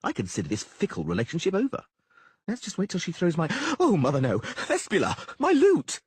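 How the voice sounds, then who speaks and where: A man's voice: fairly high pitch, wildly swooping pitch, fast, darkish tone, husky, no echo, pitched above the performer's own voice, exaggerated voice. A man voicing a vain, flamboyant young bard with a theatrical manner in an audiobook. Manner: theatrical, exclaiming. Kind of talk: audiobook character voice.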